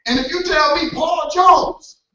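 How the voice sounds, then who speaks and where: Brief: high-pitched male preacher, animated, acts out voices and shouts, AAVE, recorded from afar in an echoey church hall with dull sound. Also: a little slow, far from the mic. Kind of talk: motivational sermon.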